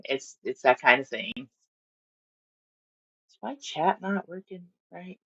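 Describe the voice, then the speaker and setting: A woman with a slightly low voice talks casually through a home live stream, rambling and stopping to give her fish silly little voices. The sound is dull and lo-fi, like stream audio. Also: animated, slow, breathy edge.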